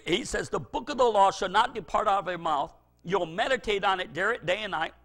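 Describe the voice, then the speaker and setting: A man's voice: high voice, bright, forceful tone. A middle-aged male pastor preaching a fervent sermon, repeating phrases for emphasis.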